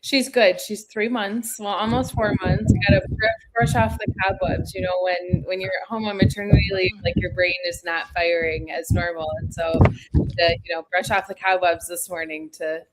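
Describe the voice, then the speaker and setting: A woman's voice: fairly low pitch, steady tone, normal speed, heavy background noise. A woman in her thirties, a school counselor, chatting as a guest in a live webinar interview over a video call, laughing easily and restarting her sentences.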